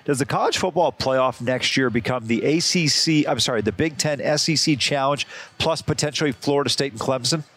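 A man's voice: mid-range voice, fairly quick, a bit bright. A man co-hosting sports talk radio, opinionated and argumentative.

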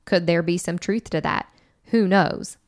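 A woman co-hosting a podcast, summarizing and weighing claims in a measured way. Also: lowish voice. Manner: measured, even-handed. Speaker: podcast co-host. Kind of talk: casual commentary.

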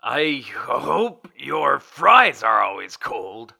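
Gravelly, sarcastic man with a bright tone. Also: medium pitch, extremely slow. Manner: sarcastic, deadpan. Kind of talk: comedic audio drama.

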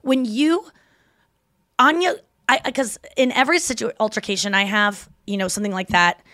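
A woman's voice: fairly high pitch, moderate pace, no room sound. Chatty woman comedian on a podcast, acts out quotes, dead dry mic. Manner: chatty, animated retelling with quoted voices. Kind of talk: casual podcast storytelling.

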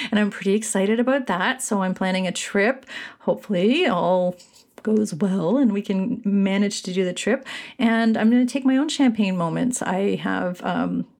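Chatty upbeat woman podcast host. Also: medium pitch. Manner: chatty and upbeat, repeats herself warmly. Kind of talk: solo podcast chat. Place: small room alone. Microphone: studio mic.

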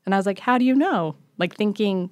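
A woman's voice: mid-range voice, fairly quick, no echo. A woman in her thirties, a comedian and musician, telling a story in casual chat and acting out the voices of the people in it. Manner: animated, acts out quoted voices, laughs often.

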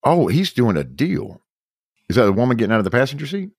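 A man co-hosting a podcast in casual chat, quick and joking, cutting in with questions. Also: mid-range voice, sing-song, creaky, breathy edge, dry recording, clean studio sound. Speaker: podcast and radio host.

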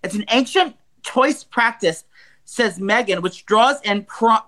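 A woman's voice: a little high, a little slow. Foul-mouthed woman in her forties, storytelling. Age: 40s. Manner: blunt, profane, animated storyteller. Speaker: podcast co-host. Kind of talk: casual chat, retelling news stories.

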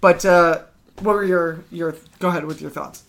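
A man's voice: a little high, fairly even intonation, normal speed, creaky, fairly bright tone. A man co-hosting a podcast, talking casually and enthusiastically about comics, rambling with frequent restarts and fillers. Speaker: podcast co-host.

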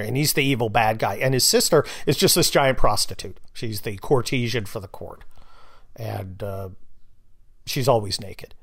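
A man hosting a casual podcast monologue, blunt and sarcastic, swearing freely and telling stories with growing excitement. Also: mid-range voice, creaky. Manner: animated storyteller, gets louder with excitement. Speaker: podcast host and novelist.

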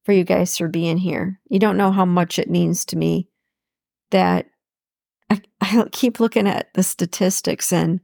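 Slow, gravelly-voiced woman podcast host. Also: lowish voice, steady tone, no room sound, studio quality. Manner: warm affirming, repeats phrases, speaks imagined words of encouragement. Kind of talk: encouraging solo podcast talk.

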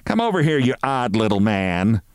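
A bossy older woman from an office, loud and shrill, shouting and braying her lines, as a man puts her on in a read-aloud story. Her voice jumps high and swings all over. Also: sing-song, normal speed, clear, resonant tone, dry recording, clean studio sound. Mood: mocking.

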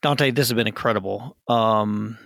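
A man's voice: fairly low pitch, moderate pace, vocal fry, a bit bright, no room sound, studio quality. A man hosting a podcast interview, reflective and appreciative, often restarting his sentences. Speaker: podcast host. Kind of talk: casual interview conversation.

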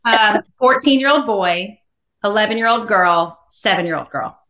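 A woman's voice: mid-range voice, lively intonation, normal speed, fairly bright tone, poor audio. A woman co-hosting a podcast in casual chat, easygoing and matter-of-fact.

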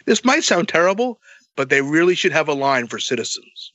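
Man, casual storyteller, animated, swears constantly, bright tense voice, dry sound. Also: fairly high pitch, a little fast, no echo. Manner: animated, swears a lot, acts out dialogue.

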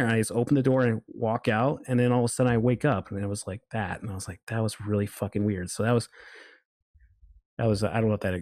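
A man's voice: fairly low pitch, level tone, quick pace, darkish tone, no echo, studio quality. A man telling a long story in a casual, rambling way, full of fillers and restarts. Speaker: guest.

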